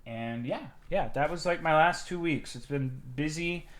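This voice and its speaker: A young man chatting on a livestream, telling a story in a swearing, animated way with sudden loud outbursts. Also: fairly high pitch, unhurried. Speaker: streamer. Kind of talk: casual stream chat.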